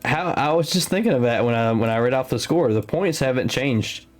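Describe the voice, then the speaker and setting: A man's voice: mid-range voice, animated, fairly quick, soft background music. Chatty man co-hosting a game stream. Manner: chatty, joking, open about his life. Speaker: stream co-host and commentator. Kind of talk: casual live-stream commentary.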